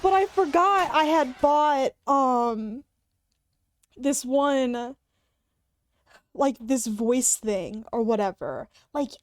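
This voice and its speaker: Giggly woman streamer rambling slow, fairly high voice, dry close mic. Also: animated, no echo. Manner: giggly, rambling, trying out voice changer effects. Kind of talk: casual livestream chat. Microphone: headphones beneath a hat.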